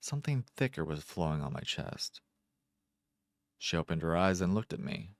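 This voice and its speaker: A man narrates a first-person short story in a very deep voice. He reads at a measured, deliberate pace with careful pauses, recorded close and dry. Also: expressive, dry recording. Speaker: amateur narrator.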